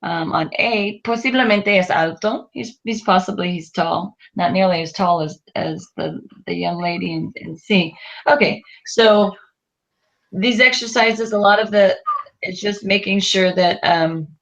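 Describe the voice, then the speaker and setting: A woman's voice: medium pitch, measured pace, gravelly, lo-fi sound. A woman teaching a Spanish class, patiently going over exercises and prompting students with questions, with a lot of fillers.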